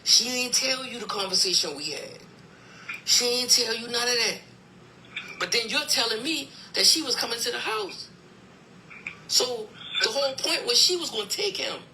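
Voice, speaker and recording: Emphatic man with a bright voice. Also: extremely high pitch, lively intonation, moderate pace, slight background noise, low-quality recording. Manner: emphatic, retells events with quoted dialogue, voice climbing when upset. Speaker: podcast host. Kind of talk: heated personal argument, retelling a family dispute.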